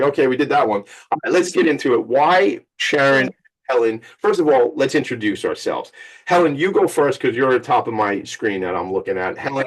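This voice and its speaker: A man's voice: medium pitch, rough recording. Chatty Long Island man hosting. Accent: Long Island New York. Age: 40s. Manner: rambling, jokey, enthusiastic shout-outs. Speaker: podcast host. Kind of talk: casual chat.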